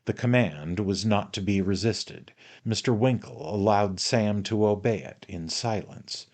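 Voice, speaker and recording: Male narrator, measured storyteller, somewhat low voice, reading classic fiction. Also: darkish tone. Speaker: audiobook narrator. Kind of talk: reading a classic novel aloud.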